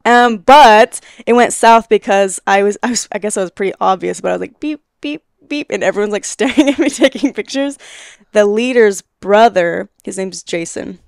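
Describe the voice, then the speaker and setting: Woman, 20s, podcast guest, casual storytelling, animated, laughs often, smooth clear voice, dry close sound. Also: mid-range voice, moderate pace, no echo. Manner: animated, laughs often, acts out quoted dialogue.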